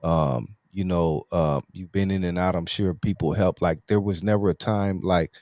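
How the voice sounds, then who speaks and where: A man's voice: low voice, fairly even intonation, moderate pace, darkish tone, no echo. A man hosting an interview show, asking questions in a laid-back, slangy way and rephrasing as he goes. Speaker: host. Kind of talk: casual interview.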